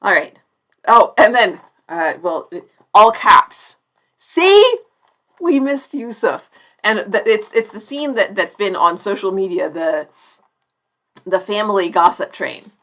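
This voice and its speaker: Hosting a live-stream TV review, this woman around forty speaks at a measured pace with a medium-pitched, fairly bright voice. Her manner is effusive and chatty, and she frequently breaks off sentences to start them again.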